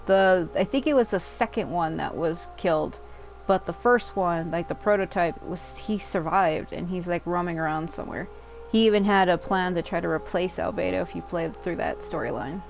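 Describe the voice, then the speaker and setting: A woman's voice: fairly low pitch, normal speed, creaky, rough recording. Rambling woman explaining game lore. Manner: rambling, lots of "like", swears casually. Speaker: gamer. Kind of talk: casual game commentary. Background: game music.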